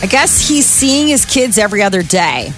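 A woman's voice: medium pitch, big pitch swings, normal speed, soft background music. A woman co-hosting a radio talk show, chatting through celebrity news with casual fillers. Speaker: co-host reading entertainment news. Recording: dry close studio mic.

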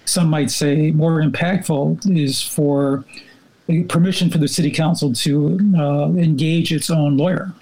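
A man's voice: fairly high pitch, fairly even intonation, measured pace, vocal fry, a little mellow, low-quality recording. A male reporter explaining council events in casual talk, wry and hesitant with fillers. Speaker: reporter guest.

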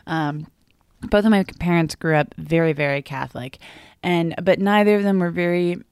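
Chatty wry woman, low voice. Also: moderate pace, darkish tone, smooth, no room sound, clean studio sound. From Massachusetts, USA. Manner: chatty, wry, laughs often. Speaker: podcast guest, comedian. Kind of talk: casual chat.

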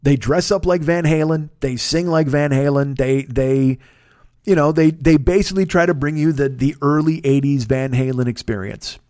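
A man's voice: a little high, moderate pace, darkish tone, no room sound, studio quality. A man hosting a podcast, telling a story in a casual monologue, swearing a lot and sounding exasperated. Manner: profane, exasperated ranting. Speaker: podcast host.

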